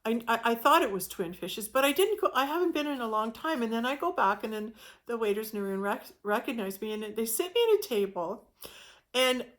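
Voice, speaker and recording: A woman's voice: on the high side, lively intonation, fairly quick, a bit bright. A woman giving an informal spiritual talk, speaking in a reflective, meandering way with frequent restarts.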